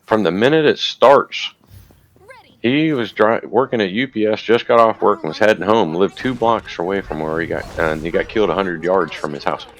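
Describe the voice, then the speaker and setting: A man's voice: on the low side, moderate pace. A man casually retelling a story while gaming, rambling and profane. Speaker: gamer recounting a news video.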